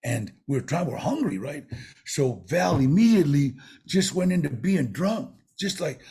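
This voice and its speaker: A man, a guest on an interview show, telling stories in a rambling, animated way with streetwise slang. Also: fairly high pitch, normal speed, husky. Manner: rambling, animated storyteller with many restarts. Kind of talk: casual storytelling in an interview.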